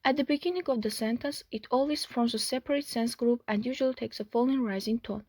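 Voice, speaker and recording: A young woman student from Armenia reads an intonation lesson at a measured pace. Her voice is high and husky, and the recording is dry. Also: a little mellow, no echo. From Artsakh, Armenia. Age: young adult.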